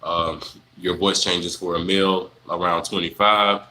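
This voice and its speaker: A young man, chatting casually on a livestream, answering viewers in a relaxed, rambling way full of fillers. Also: deep voice, unhurried, a little hiss or hum, rough recording. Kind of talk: casual live Q&A chat.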